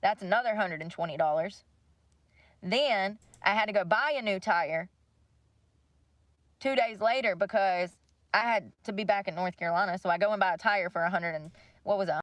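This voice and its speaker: A woman's voice: medium pitch, normal speed, long pauses, dry recording. Casting: young woman, livestream host, blunt and profane, dry close sound. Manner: blunt, swears freely, venting about money. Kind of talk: casual rant to viewers.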